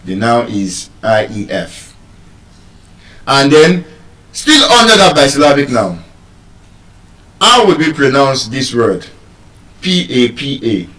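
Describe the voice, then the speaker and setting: A man teaching pronunciation to a class, animated and repetitive as he drills words aloud. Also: mid-range voice, takes it slowly, pauses often. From Nigeria. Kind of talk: classroom lesson. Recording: echoey room, voice from far off.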